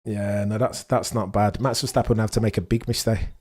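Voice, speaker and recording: Excitable man commentating live. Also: lowish voice, fairly quick. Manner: excitable, chatty, British slang, talks to chat. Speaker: livestream host. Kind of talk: live race watchalong commentary.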